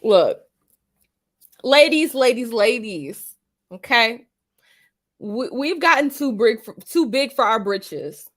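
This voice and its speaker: A woman's voice: on the high side, very animated, slow, a bit bright. A woman hosting casual opinion commentary, blunt and profane, heavy on slang and repeating her points for emphasis. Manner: slang-heavy street talk. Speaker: commentary channel host.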